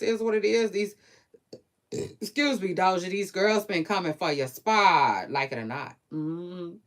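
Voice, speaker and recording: A woman giving a casual, slangy reaction commentary, swinging from low mumbles to loud hype.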